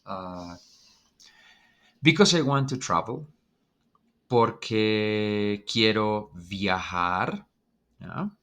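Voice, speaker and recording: A man's voice: on the low side, drawn-out words, pauses often, a bit bright. A man teaching an online Spanish lesson, explaining in a loose, hesitant way with many ums and uhs.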